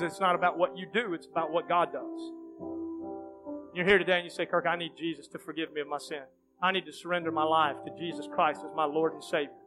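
Earnest high-voiced pastor over music. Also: male voice. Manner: earnest, pleading, rising to fervent prayer. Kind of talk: sermon altar call and prayer. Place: church sanctuary.

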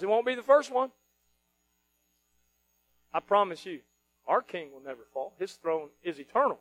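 A male pastor preaching a sermon, switching between quiet earnest stretches and loud mocking outbursts. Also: high-pitched, normal speed, long pauses, no room sound, faint music behind, low-quality recording. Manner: animated, mocking voices of worried people, rising to shouts.

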